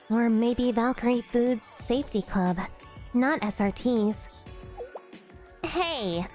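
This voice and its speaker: A woman streamer reading a game story aloud, voicing every character herself and breaking off to laugh at her own attempts. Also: on the high side.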